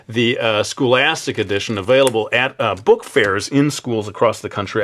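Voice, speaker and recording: A man narrating a drawing tutorial in a relaxed, chatty way, with many filler sounds and some self-deprecating asides. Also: on the low side. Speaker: drawing instructor.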